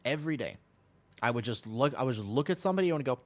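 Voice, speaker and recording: A man's voice: medium pitch, animated, fast talker. A young man streaming a game, telling stories in a rambling, repetitive way while he plays. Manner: rambling, self-interrupting storyteller, repeats himself. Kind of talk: casual gaming stream chat.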